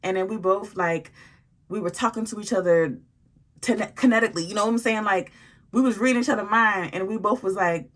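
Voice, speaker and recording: A woman telling a story to her viewers in a casual, animated way, full of slang and swearing. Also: mid-range voice, fairly quick.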